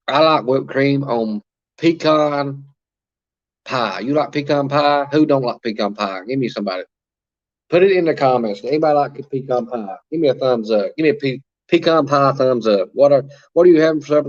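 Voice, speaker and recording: A man's voice: medium pitch, moderate pace, darkish tone, dull audio. A man hosting a casual livestream, chatting and reading viewer comments aloud with plenty of fillers. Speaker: livestream host reading chat. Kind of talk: casual live-chat talk.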